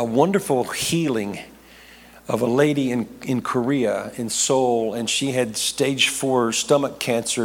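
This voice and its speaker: A middle-aged male pastor tells his testimony from the pulpit at an ordinary pitch. He rambles, backtracks and laughs at himself as he goes. His voice rings through a long, echoing hall. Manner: rambling storyteller, self-correcting, laughing asides. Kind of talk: testimony sermon.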